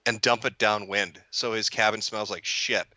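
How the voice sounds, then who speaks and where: Man, casual guest chat, lowish pitch, bright tone, profane, rambling, amused, dry close mic. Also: steady tone, moderate pace, no room sound. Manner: profane, rambling, stammers on restarts; amused, laughs while talking.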